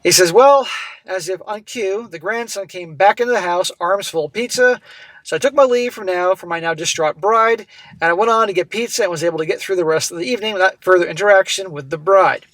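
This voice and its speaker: A man's voice: sits high, fairly quick, a bit bright, no room sound, poor audio. A man hosting an advice show, reading a viewer's letter aloud and breaking in with blunt, sarcastic asides. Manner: blunt, sarcastic asides between read passages. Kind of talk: reading a story aloud with commentary.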